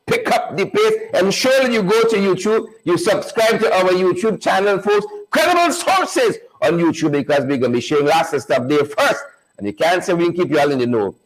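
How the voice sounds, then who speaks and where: A high-voiced man runs a live online show. He repeats himself to build energy and greets viewers one by one in a loose, hyped-up chatting style. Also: lively intonation, fairly quick, poor audio. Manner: repetitive, hype-building, calls out viewers by name.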